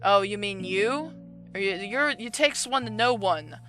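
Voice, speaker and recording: A fed-up young son snapping back at his mother in a story game, read by a woman. The voice is bright and crisp, sarcastic and defiant, with faint music behind it. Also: medium pitch, lively intonation, unhurried.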